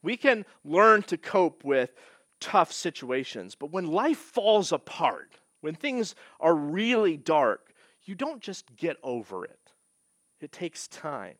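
A man's voice: on the high side, big pitch swings, takes it slowly, a bit bright, no echo, clean studio sound. A man preaching a sermon, reading scripture aloud and explaining it in an earnest, emphatic way. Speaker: pastor.

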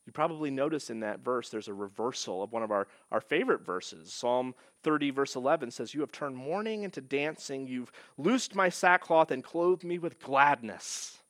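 A man's voice: mid-range voice, expressive, moderate pace, few pauses, a bit bright, dry recording, clean studio sound. A man preaching a sermon, reading scripture aloud and explaining it in an earnest, emphatic way. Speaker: pastor.

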